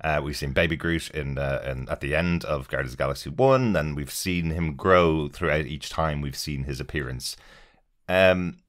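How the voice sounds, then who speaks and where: A podcast host talking casually and enthusiastically about a film with co-hosts, with frequent fillers. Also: male voice, very deep voice, moderate pace. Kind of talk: casual chat reviewing a film. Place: podcast recording.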